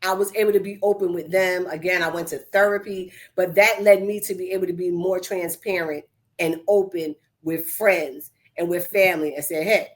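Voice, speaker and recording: Woman, lower voice, earnest, encouraging, casual podcast chat. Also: steady tone, normal speed. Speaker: podcast host.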